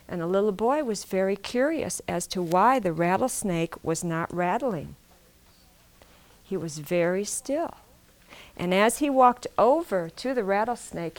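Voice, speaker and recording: Woman telling a story aloud. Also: medium pitch. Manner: asks the listeners questions, repeats phrases. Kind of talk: oral storytelling to a live audience.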